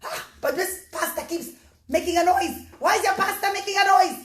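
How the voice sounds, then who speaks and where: A woman's voice: very high-pitched, quick pace, fairly bright tone, voice pushed up. A woman voicing a cruel, tormented ancient king who screams complaints at his servants. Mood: paranoid. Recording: echoey room.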